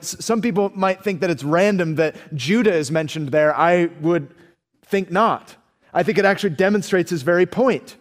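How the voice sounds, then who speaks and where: A man preaching a sermon with earnest, animated storytelling. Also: sits high, big-room sound. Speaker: pastor.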